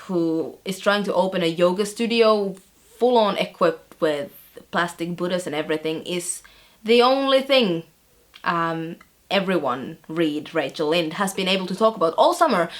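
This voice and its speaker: A woman's voice: on the low side, animated, moderate pace, close to an everyday voice. A young woman playing a chatty teenage girl tutor who recounts her week with wry amusement, with fillers along the way. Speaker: vlogger. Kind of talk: scripted vlog-style monologue.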